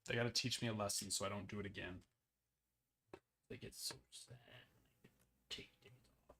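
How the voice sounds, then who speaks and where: Hoarse man hosting a card break. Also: fairly low pitch, fairly even intonation, a little fast, sharp tone, a little hiss or hum. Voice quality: slightly raspy. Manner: playful, teasing banter. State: hoarse, recovering from a cold. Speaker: card break livestream host. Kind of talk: casual livestream chat.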